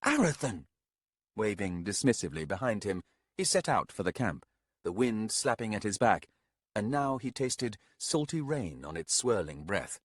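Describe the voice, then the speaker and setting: A man giving a measured, expressive audiobook narration on a close studio mic. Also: lowish voice, slightly rough, no room sound. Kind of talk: scripted narration.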